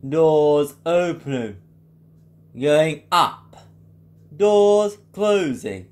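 A man doing an impression of an older automated lift announcer, stretching out each slow, measured announcement. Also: on the high side, sing-song, darkish tone, exaggerated voice. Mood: flat announcing.

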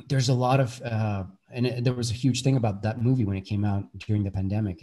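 A man's voice: mid-range voice, fairly even intonation, a little fast, few pauses, a little mellow. A man in his thirties, an actor from Bulgaria, talking earnestly as an interview guest with many restarts. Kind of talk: casual interview chat.

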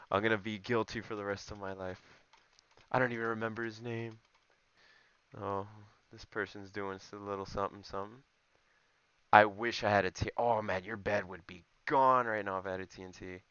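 A man's voice: fairly low pitch, sharp tone, smooth, no room sound, muffled recording. A young man giving joking, rambling commentary over his gameplay, talking straight to his viewers. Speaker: gaming YouTuber.

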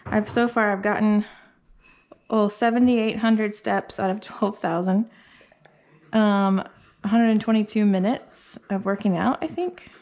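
A woman's voice: medium pitch, unhurried, darkish tone. A young woman dog groomer chatting casually as she works on a dog, a little out of breath. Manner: chatty, thinks aloud, coos at the dog. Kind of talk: casual grooming vlog narration. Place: grooming salon.

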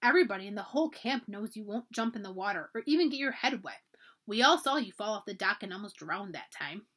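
A woman's voice: mid-range voice, expressive, fast, fairly bright tone. A woman voicing a cheerful, talkative young girl at summer camp while reading a storybook aloud. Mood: chatty. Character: chatty young girl camper.

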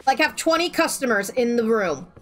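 A woman's voice: on the high side, expressive, normal speed, soft background music. A woman streaming a game, chatting playfully and giggling with friends. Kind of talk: casual gaming chat.

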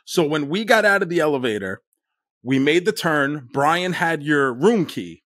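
A man telling a story in casual chat as a podcast guest, deadpan and often laughing. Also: a little high, unhurried, no room sound.

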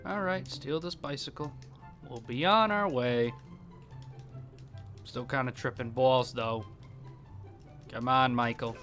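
A young man commentating his own game play, excitable and quick to laugh, yelping when surprised. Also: mid-range voice, soft background music. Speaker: gaming YouTuber.

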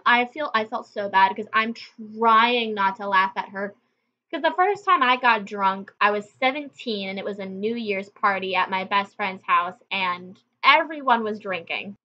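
A young woman with a medium-pitched voice hosts her own channel, chatting casually and telling a story straight to her viewers. Her intonation is lively and her tone sharp, though she takes her time, and the recording has its highs cut off.

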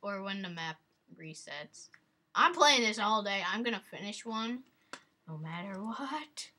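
A young woman doing casual gameplay commentary, yelling at her failures and then muttering, her throat sore from screaming. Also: mid-range voice, animated, a little slow. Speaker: gaming commentator.

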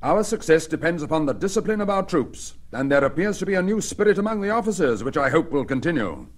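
An actor playing the Duke of Wellington, a stern, aristocratic British commander who speaks crisply and with dry scorn, in a 1960s documentary radio drama. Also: male voice, on the high side, sing-song, quick pace, a little hiss or hum. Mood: confident.

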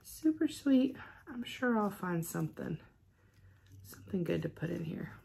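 A middle-aged woman chatting casually to her camera at home. She gushes and gets excitable, talking in a chatty, easy way. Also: on the low side, unhurried, vocal fry. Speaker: stitching vlogger. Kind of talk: casual unboxing chat. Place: at home with a cat.

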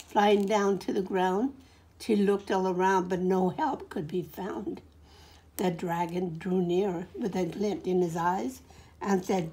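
A woman in her forties reading a picture book aloud to a child, gently stopping to point things out and ask questions. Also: fairly low pitch, steady tone, slow pace. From California, USA. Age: 40s.

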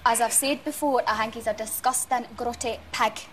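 A woman's voice: on the high side, fairly even intonation, normal speed, a bit bright, a little hiss or hum. Blunt Scottish young woman. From Scotland. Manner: blunt and outspoken, laughs often. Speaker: evicted reality show contestant. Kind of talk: casual chat interview. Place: studio.

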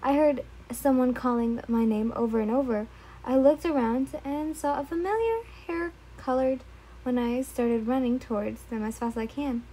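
A woman reading first-person fan fiction aloud, halting and correcting herself often as she reads. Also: sits high, mellow, breathy edge, poor audio. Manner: halting, frequent self-corrections while reading.

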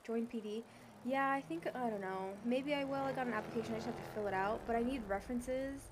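A woman's voice: a little high, fast, background noise. A woman streamer chatting casually and rambling in an upbeat way during game role-play.

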